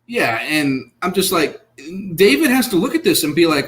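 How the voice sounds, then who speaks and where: A man co-hosting a casual online recap show, talking over a video call and acting out lines with lively energy. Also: fairly high pitch, normal speed, hardly any pauses. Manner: animated, acts out quotes, laughs. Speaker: podcast co-host.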